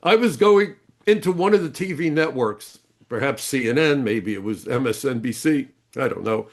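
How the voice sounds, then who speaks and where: A man's voice: medium pitch, lively intonation, moderate pace. An older man, a retired immigration agent, speaking as an interview guest with blunt, emphatic storytelling.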